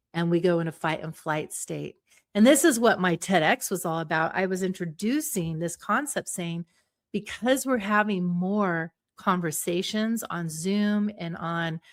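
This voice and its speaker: Middle-aged female psychologist guest, mid-range voice, animated explainer who acts out her examples. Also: mid-range voice. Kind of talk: explanatory interview talk.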